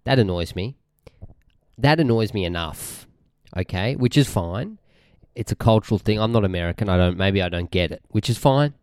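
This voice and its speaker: A man's voice: lowish voice, animated, normal speed, a little mellow, clean tone, no room sound, studio quality. A young Australian man hosting a podcast, ranting casually in a rambling, irritated, sweary way and often trailing off mid-sentence. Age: young adult. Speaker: podcast host.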